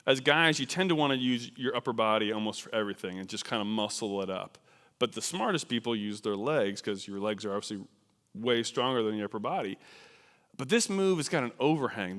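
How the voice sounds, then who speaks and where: A man preaching at a church, telling a personal story in a lively, self-deprecating way with many fillers. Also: medium pitch. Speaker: missionary speaker. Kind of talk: storytelling sermon. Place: large church sanctuary. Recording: long church reverb.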